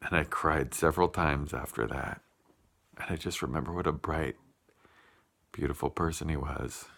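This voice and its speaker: A man telling a heartfelt personal story in a vlog, unhurried, with many pauses and fillers. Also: very deep voice, gravelly, fairly bright tone. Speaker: vlogger.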